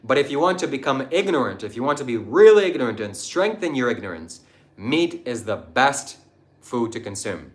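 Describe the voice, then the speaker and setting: On his livestream a man lectures viewers in a preachy, combative way, reading out chat comments and mocking those who disagree. His medium-pitched voice swings widely in pitch at a moderate pace.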